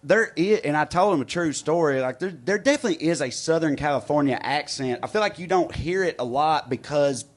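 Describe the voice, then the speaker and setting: A man's voice: fairly high pitch, lively intonation, fairly quick, hardly any pauses. A man co-hosting a comedy podcast, telling loose stories in casual chat, swearing freely and laughing often. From Kansas. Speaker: podcast co-host.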